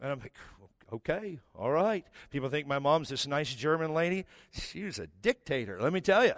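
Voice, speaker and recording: A man's voice: a little high, animated, a little fast, fairly bright tone, no room sound, clean studio sound. A middle-aged man, a pastor, preaching a sermon with humorous personal stories that build to emphatic exhortation. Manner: storytelling, self-mocking, rising to emphatic preaching.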